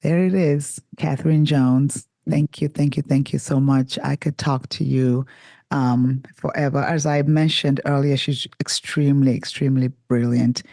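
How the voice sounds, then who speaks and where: Warm-toned woman host, gushing and enthusiastic, close dry mic. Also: very deep voice, steady tone, a little slow, gravelly, no echo. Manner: enthusiastic, effusive praise. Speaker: podcast host. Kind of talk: podcast interview.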